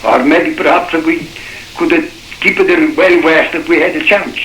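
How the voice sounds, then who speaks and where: Old Shetland man reminiscing, bright voice. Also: on the high side, steady tone, moderate pace, slight background noise. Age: older. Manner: rambling dialect storytelling with restarts. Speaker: shipwreck survivor. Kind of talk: oral history reminiscence. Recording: roomy old cassette recording.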